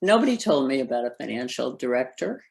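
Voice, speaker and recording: A woman's voice: very deep voice, sing-song, quick pace, creaky, darkish tone. A woman who founded a nonprofit, speaking as an interview guest in an emphatic, earnest way and laughing often. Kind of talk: conversational interview.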